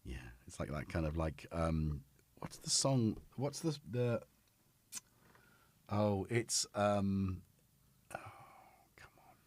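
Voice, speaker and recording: A man's voice: sits low, animated, slow, pauses often, a little mellow. A middle-aged man hosting a casual livestream, rambling and chatty and talking to his cat between thoughts, on a studio microphone. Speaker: livestream host. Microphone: studio dynamic microphone.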